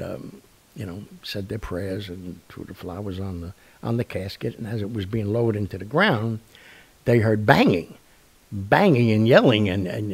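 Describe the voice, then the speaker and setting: A man's voice: on the low side, slightly rough. An older man hosting a talk show, telling stories in a rambling, casual way with lots of fillers and restarts. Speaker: radio show host. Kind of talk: casual storytelling monologue.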